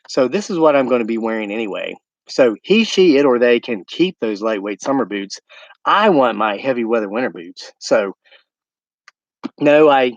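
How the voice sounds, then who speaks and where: A man's voice: medium pitch, no room sound, dull audio. An American man hosting a casual homesteading livestream at night outdoors, chatting and rambling to his live viewers. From United States.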